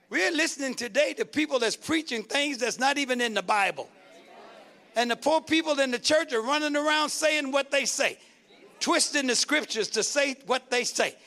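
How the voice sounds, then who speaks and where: High, bright-voiced man preaching a sermon. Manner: call-and-response preaching, rising to shouts. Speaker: pastor.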